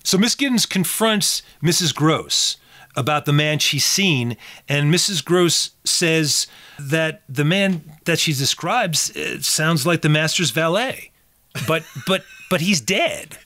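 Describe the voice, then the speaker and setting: A man's voice: fairly high pitch, dry recording, clean studio sound. A man co-hosting a film podcast, talking casually and acting out quotes from scenes. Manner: animated, acts out quotes and reads poetry slowly and darkly. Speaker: podcast co-host.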